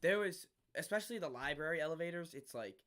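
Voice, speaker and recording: A young adult man co-hosting a podcast in casual chat, telling stories with lively, acted-out exchanges. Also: a little high, fast talker. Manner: animated storyteller, acts out quoted exchanges. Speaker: podcast co-host.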